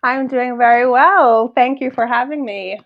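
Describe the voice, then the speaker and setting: A woman's voice: on the high side, a little slow, dull audio. A woman from Jamaica with a Jamaican accent, a guest answering interview questions confidently with light laughs. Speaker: guest, project manager.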